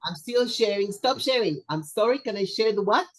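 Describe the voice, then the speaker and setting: Hoarse webinar host on a video call, chatty and jokey, computer mic, coughing a bit. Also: mid-range voice, lively intonation, moderate pace, a loud crowd, poor audio. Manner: chatty, playful and self-deprecating. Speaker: webinar presenter for teachers. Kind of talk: casual online webinar wrap-up. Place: video call from a home or office.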